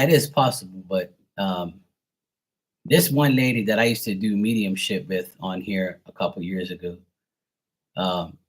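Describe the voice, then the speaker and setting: A man's voice: lowish voice, breathy edge. A man working as a psychic medium, ranting bluntly and profanely in a rambling, casual livestream chat. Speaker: psychic medium and tarot reader.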